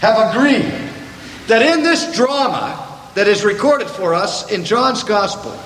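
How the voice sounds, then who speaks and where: An older man preaching a sermon to a gathering, slow and deliberate with dramatic pauses. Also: sits high, lively intonation, a bit bright, a little hiss or hum. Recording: echoey hall from a distance.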